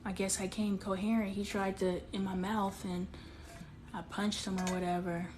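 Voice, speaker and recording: A woman hosts a phone live stream from outdoors and confides in her viewers. She reads their comments aloud and answers them, and her voice sits mid-pitch with a faint hiss of noise behind it. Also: little pitch movement, normal speed. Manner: emotional, confiding, talks straight to viewers. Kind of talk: candid live-stream chat.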